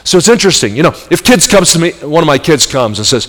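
A middle-aged man preaching a sermon as pastor, animated, with emphatic rising peaks and soft asides. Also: on the high side, quick pace. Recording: long hall reverb.

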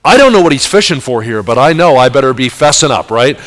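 A man's voice: mid-range voice, big pitch swings, fast, fairly bright tone. A man preaching a sermon, telling a story vividly, acting out the voices in it and asking his listeners questions. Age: adult. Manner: vivid storyteller who acts out quoted voices; talks straight to the audience with questions.

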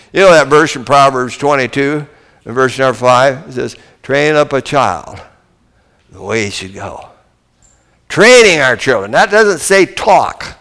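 An older man preaching a folksy sermon, telling stories and swinging between booming and hushed delivery. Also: in a large hall.

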